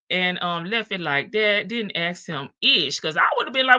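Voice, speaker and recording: Sassy woman streamer, bright voice. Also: fairly high pitch, lively intonation, measured pace, hardly any pauses, clear, resonant tone, dry recording. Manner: sassy, talks back to chat, laughs often. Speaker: live stream host. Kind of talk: casual commentary on jail calls.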